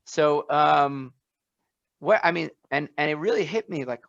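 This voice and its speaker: A man's voice: a little high, measured pace, vocal fry, a bit bright, no echo, highs cut off. A man co-hosting a podcast interview, telling stories emphatically with many fillers. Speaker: podcast co-host.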